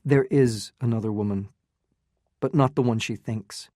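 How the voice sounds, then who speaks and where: Storybook lover, read by the narrator as an earnest, torn young man; slow, mellow delivery. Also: medium pitch, no echo, studio quality, close to an everyday voice. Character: young gentleman, torn and impassioned.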